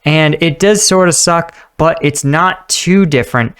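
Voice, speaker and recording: A man's voice: fairly high pitch, unhurried, a bit bright, clean tone. Chatty man musing as he reacts. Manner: chatty, musing, laughs often. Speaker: host reacting to a video. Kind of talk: casual commentary.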